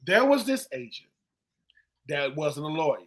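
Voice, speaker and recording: A man's voice: fairly high pitch, unhurried. A man in his forties co-hosting a sports podcast, telling stories casually and acting out the people he quotes. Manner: animated storyteller who acts out quoted people. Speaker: co-host, former football player.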